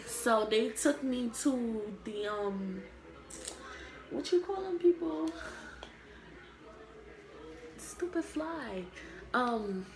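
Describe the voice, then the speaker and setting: A woman's voice: a little high, lively intonation, very slow, pauses often, a little hiss or hum. A young adult woman telling a story from her school days to camera, rambling and full of fillers. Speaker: vlogger. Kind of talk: casual storytime. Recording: echoey room.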